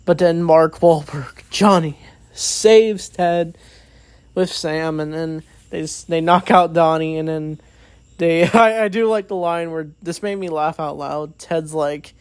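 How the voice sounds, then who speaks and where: A man's voice: a little high, slow, smooth, no echo. A man giving a casual, rambling movie review, recapping the plot with many fillers and quoted lines.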